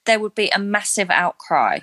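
A woman's voice: medium pitch, sing-song, normal speed, a bit bright. A woman co-hosting a podcast, chatting in a casual, opinionated and self-deprecating way about a reality show. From not Australia. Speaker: podcast co-host.

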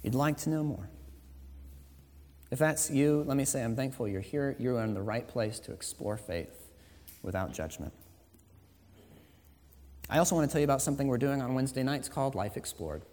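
A man's voice: medium pitch, animated. Man preaching in a reverberant hall. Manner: swings from quiet, slow emphasis to loud, rising exhortation. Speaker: pastor. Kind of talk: sermon. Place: church sanctuary. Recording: long reverb of a church hall.

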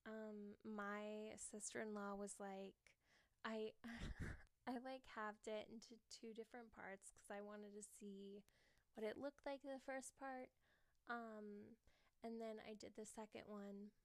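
A woman's voice: medium pitch, steady tone, takes it slowly, no room sound. A young woman hosting a podcast, chatting casually in a rambling way with frequent giggles, fillers and restarts. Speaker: podcast host. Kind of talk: casual chat.

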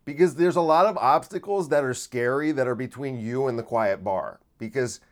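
A male comedian hosting a casual solo podcast, with a middle-pitched voice. He rambles, restarts his sentences and jumps between loud bursts and low asides. The talk is unscripted and loose. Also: moderate pace. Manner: rambling, restarts a lot, swings loud and soft.

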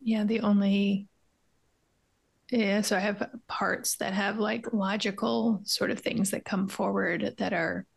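A woman's voice with a gravelly, fry-laden texture, sitting at a middle pitch. She speaks candidly and tenderly as a podcast co-host, searching through her feelings out loud with soft, trailing asides. It sounds like an intimate, reflective conversation. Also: steady tone, takes it slowly. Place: home art studio.

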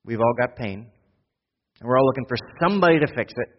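A pastor preaching a sermon, swinging from loud, quick urgency to hushed, slow intimacy. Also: male voice, mid-range voice, animated, in a large hall, dull audio. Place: church.

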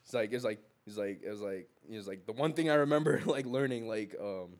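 A man's voice: lowish voice, a little fast. Rambling, swearing man telling a story. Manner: swears freely, rambling storyteller with many fillers. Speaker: podcast co-host. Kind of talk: casual chat.

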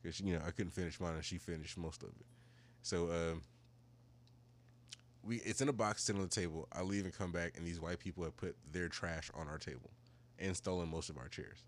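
A man co-hosting a podcast, telling a profane story in casual chat and acting out the people he quotes in higher voices. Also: fairly quick. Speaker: podcast co-host.

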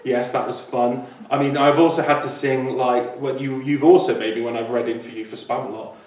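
A man's voice: medium pitch, fairly even intonation, a little fast, a little mellow. Man, chatty, laughs a lot, echoey room, distant mic. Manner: chatty, self-deprecating, laughs often. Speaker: podcast co-host, theatre performer. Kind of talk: casual chat.

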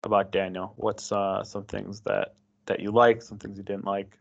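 A man with a low, gravelly voice chats loosely on a faith podcast, full of fillers and laughs. The recording sounds dull and lo-fi. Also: flat delivery, normal speed. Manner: laughs often, filler-heavy chatter. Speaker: podcast co-host. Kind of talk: casual chat and Bible reading.

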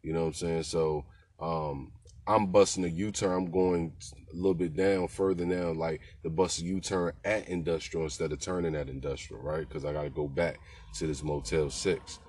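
In a dry recording, a man with a deep, darkish voice speaks at normal speed with fairly even intonation. As a podcast host recounting rideshare stories, he keeps it loose and slangy, repeatedly asking the listener "you know what I'm saying."

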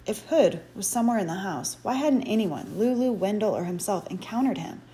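Warm-toned female audiobook narrator, measured and expressive. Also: medium pitch, slight background noise. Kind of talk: scripted narration.

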